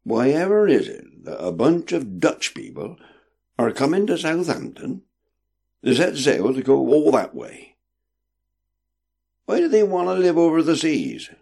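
A man puts on an exaggerated voice for a stubborn old sailor, doubtful and grumbling, talking in a raised, emphatic, rustic dockside manner above his usual tone. The voice is medium-pitched, creaky, mellow and husky, very animated but a little slow.

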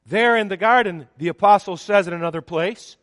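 A man delivers a sermon in a high, lifted voice. His preaching is measured and emphatic, rising and falling on the words that matter. The sound is close and dry, yet a long reverb hangs in the church hall. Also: fairly bright tone.

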